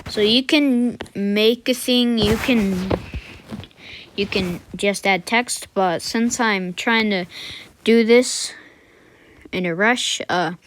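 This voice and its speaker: Slow-talking casual woman tutorial maker. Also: mid-range voice, background noise. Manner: unhurried, thinking aloud with fillers and self-corrections; mutters quiet asides to herself. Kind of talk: casual screen-recorded coding tutorial.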